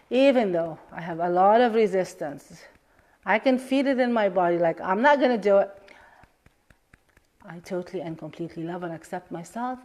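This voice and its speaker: A woman at an ordinary middle pitch speaks as a life coach in a live session. She talks earnestly, repeating affirmations and gentle questions as she guides a tapping exercise. Her voice often sinks into a soft hush.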